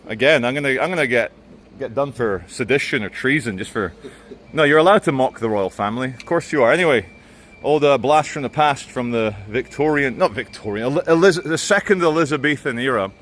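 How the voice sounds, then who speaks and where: A man's voice: medium pitch, lively intonation, brisk, fairly bright tone. An English man walking through city streets, filming himself for viewers with mocking, chatty commentary. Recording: faint street noise outdoors.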